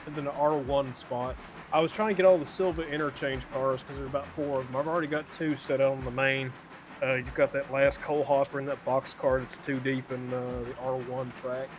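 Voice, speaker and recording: A man's voice: medium pitch, fairly even intonation, a little fast. A man chatting casually with friends over voice chat while playing a game, loose and joking. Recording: noisy voice-chat mic.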